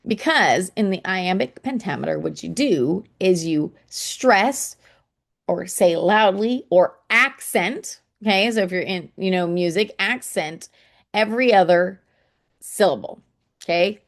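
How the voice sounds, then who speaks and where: A woman's voice: lowish voice, lively intonation, a little slow, creaky. A woman explaining poetry to children in a casual teaching manner, often checking in with "okay?" and tapping out rhythms aloud.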